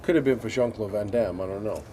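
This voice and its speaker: A man in his fifties from Sweden, answering interview questions in a deadpan, dryly joking way. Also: lowish voice, fast talker, a little hiss or hum. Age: 50s. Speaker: interviewee, actor. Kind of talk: casual interview chat. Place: indoors at a public venue.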